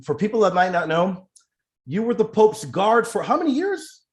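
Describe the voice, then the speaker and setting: A man's voice: high-pitched, sing-song, normal speed. A man hosting a casual live interview, effusive and heavy with praise for his guest. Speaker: interview host.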